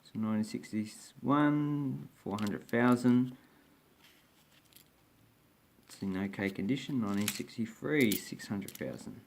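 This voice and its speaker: A man's voice: on the low side, a little slow, vocal fry, a little hiss or hum. A man talking casually through his collection on his own channel, rambling and hesitant with many restarts. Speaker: coin collector vlogger. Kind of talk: casual show-and-tell commentary.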